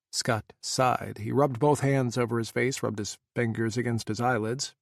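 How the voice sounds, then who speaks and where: A man narrating an audiobook, with slow, dramatic emphasis on emotional passages. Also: medium pitch, fairly even intonation, creaky, no echo, clean studio sound.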